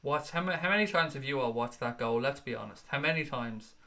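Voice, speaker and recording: Swearing freely, a football fan channel host chats casually on a livestream while responding to viewer comments. He speaks in a mid-range voice that's expressive, brisk, bright and forceful.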